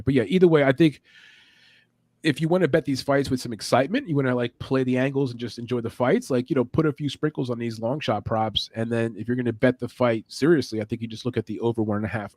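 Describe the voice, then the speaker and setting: A man's voice: medium pitch, fast talker, darkish tone, dry recording. A man hosting a sports betting show, talking animatedly through fight picks and odds. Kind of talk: casual sports betting chat.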